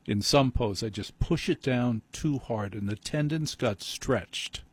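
A man's voice: medium pitch, a little slow, breathy edge. A man telling a rambling, self-mocking comic story, speaking close to a mic. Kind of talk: comedic storytelling monologue. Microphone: close mic he adjusts himself.

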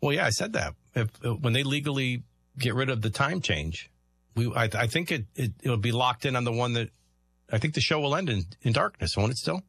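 A man's voice: medium pitch, expressive, a little fast, a bit bright, slightly rough, dry recording. A man hosting a talk radio show, chatting through rambling anecdotes and often laughing.

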